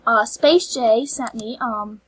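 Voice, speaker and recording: A woman hosting a casual game vlog, talking over her screen, gushing and excitable, saying "like" and "literally" a lot, with sudden whispered asides. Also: fairly high pitch, slow, breathy edge, low-quality recording. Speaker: channel host.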